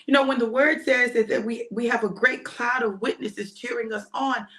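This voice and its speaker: A woman minister giving a fervent, repetitive exhortation, often shouting, with chatty asides in between. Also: fairly high pitch, fairly even intonation, normal speed.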